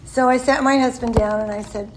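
A woman in her sixties shares a candid, self-deprecating personal testimony at a recovery meeting, speaking fairly quickly in a slightly high, steady voice. The low-quality recording carries a little hiss or hum.

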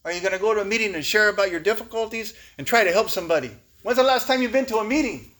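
A man doing a tough, no-nonsense sponsor with a raised, louder voice. He fires off brisk, pushy questions and gives orders without any sympathy. His voice sits noticeably higher than the speaker's own. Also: lively intonation. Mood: demanding. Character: tough blunt male recovery sponsor, no-nonsense.

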